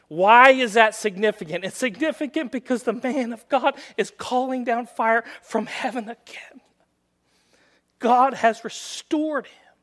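A male guest preacher giving a sermon, retelling scripture in a lively storytelling way, acting out the characters' lines with sudden loud bursts and dropping to quiet, joking asides. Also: very high voice. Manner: drops to quiet asides and jokes.

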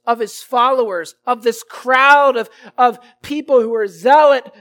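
Slow, emphatic male preacher. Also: very high voice, a bit bright. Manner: emphatic, rising and falling in volume, repeating phrases. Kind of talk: expository sermon.

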